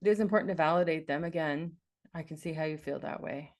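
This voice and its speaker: A woman's voice: low voice, quick pace. A woman life coach giving an earnest, encouraging talk, repeating phrases for emphasis.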